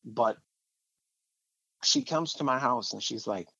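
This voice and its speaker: A man's voice: medium pitch, expressive, slow pace, vocal fry, bright, forceful tone, breathy edge, no room sound, lo-fi sound. A man sharing a personal faith testimony in a conversational, rambling way, with fillers and repeated phrases.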